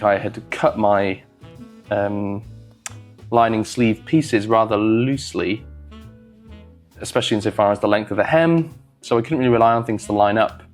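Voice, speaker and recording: A man vlogging about sewing, rambling casually with wry, self-deprecating asides and many fillers. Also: fairly low pitch. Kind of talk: casual talk to camera while sewing.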